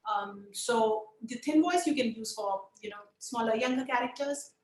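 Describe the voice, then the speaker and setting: An Indian woman leads a puppetry workshop, upbeat and encouraging, slipping between English and Hindi. Her voice sits a little high. The room gives it a noticeable echo. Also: moderate pace, darkish tone. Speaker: puppetry teacher. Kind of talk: online workshop teaching. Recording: echoey room.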